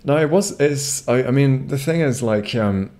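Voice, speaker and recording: A man's voice: mid-range voice, normal speed, a little mellow. A man streaming a game on a home microphone, rambling casually with lots of swearing and restarts. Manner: rambling, profane, frequent restarts. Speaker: gamer streaming a playthrough. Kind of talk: casual gameplay commentary.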